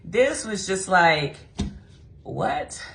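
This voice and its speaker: This is a young woman chatting through a book review in a slightly low voice. She talks casually and animatedly, laughs often, and slips into mocking voices for the characters. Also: measured pace, fairly bright tone.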